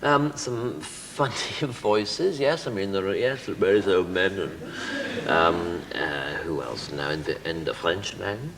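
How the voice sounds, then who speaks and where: A man's voice: low-pitched, unhurried, a crowd in the background. A man in his thirties, a comedian guest on a television chat show, talking with hesitant restarts and dry self-mockery. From North East England. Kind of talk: casual chat show interview. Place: television studio. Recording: echoey studio with faint hiss.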